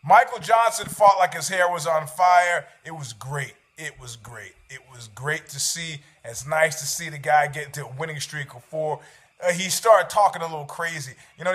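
A man's voice: a little high, normal speed, a bit bright. A man, hosting a show, rambling about fights with sarcasm and freely dropping swear words. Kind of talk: casual chat about fights.

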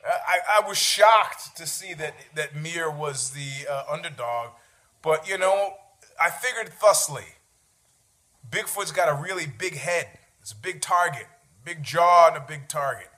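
A man's voice: a little high, expressive, a little slow, pushed and bright, soft background music. A man, hosting a show, rambling about fights with sarcasm and freely dropping swear words. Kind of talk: casual chat about fights.

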